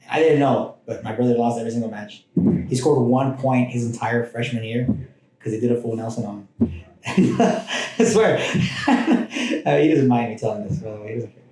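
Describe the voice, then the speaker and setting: Speaking fast with a flat delivery, a man with a warm, mid-range voice tells personal stories about his past while a guest on a podcast. He rambles, restarts often and adds asides, all recorded in an echoing room.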